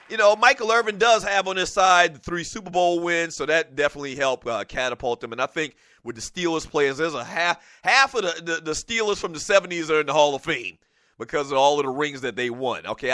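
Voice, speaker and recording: A man hosting a call-in sports talk show, talking in an animated, casual way, laughing often and dropping "man" into his sentences. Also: fairly high pitch, no echo, studio quality.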